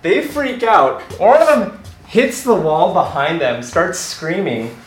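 A young man tells a personal story with excitable energy, his somewhat high voice swinging widely in pitch. The sound is roomy and echoey, as on a live stage, with a faint hiss of noise behind him. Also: slow pace, faint music behind.

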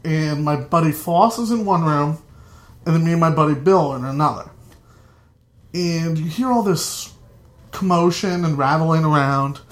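A man's voice: fairly high pitch, moderate pace. A young man telling a funny family story on stage, chatty and laughing at his own lines. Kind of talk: live comedic storytelling.

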